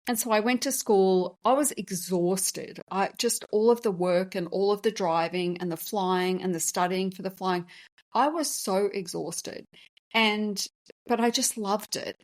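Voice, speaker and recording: A woman's voice: mid-range voice, unhurried. A woman hosting a podcast, telling a personal story in a candid, emotional, conversational way. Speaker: podcast host and business founder.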